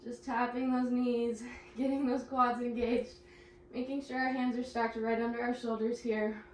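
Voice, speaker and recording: A woman's voice: on the high side, level tone, moderate pace, darkish tone, a little hiss or hum. Breathless woman coaching a workout. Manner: encouraging cues, breathless laughs while exercising. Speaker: pilates instructor. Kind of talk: instructing a workout class. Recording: echoey room, mic at a distance.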